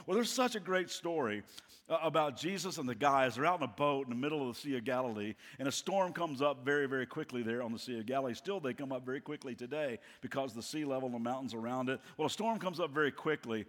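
A middle-aged man preaching a sermon as a guest pastor, telling stories in an animated way with playful asides. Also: medium pitch, quick pace. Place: church auditorium. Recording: long reverb of a large hall.

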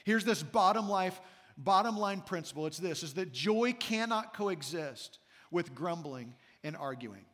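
A man's voice: high voice, lively intonation, measured pace, fairly bright tone, in a large hall. A man preaching a sermon as senior pastor, emphatic and repeating his key phrases, in a church sanctuary.

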